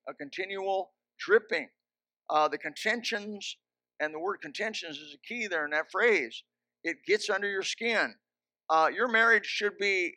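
A man's voice: high-pitched, sharp tone, no room sound. A man preaching a sermon in a church into a microphone, with emphatic, repeated commands and joking asides. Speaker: pastor. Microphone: handheld or stand microphone.

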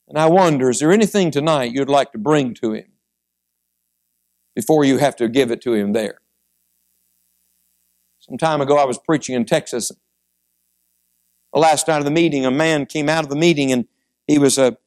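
High-voiced fervent male preacher. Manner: swings between quiet storytelling and rising fervent exhortation. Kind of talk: sermon.

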